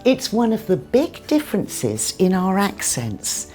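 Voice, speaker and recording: A British woman with a non-rhotic accent teaching pronunciation, modelling words clearly and carefully. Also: medium pitch, wildly swooping pitch, unhurried, a little mellow, soft background music. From Britain. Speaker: English teacher, co-host. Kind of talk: scripted pronunciation lesson.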